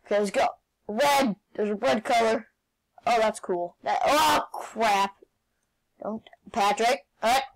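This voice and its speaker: Woman yelling along to a bike game, slow drawl, gravelly. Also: a little high, rough recording. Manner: excitable, shouts and laughs while playing. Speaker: gaming channel host. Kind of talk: game commentary.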